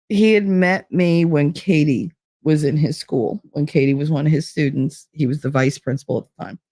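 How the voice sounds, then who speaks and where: Blunt, animated New woman. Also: low-pitched, dry recording, clean studio sound. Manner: animated, blunt, swears freely, acts out dialogue. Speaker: podcast co-host, former teacher. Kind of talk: storytelling chat.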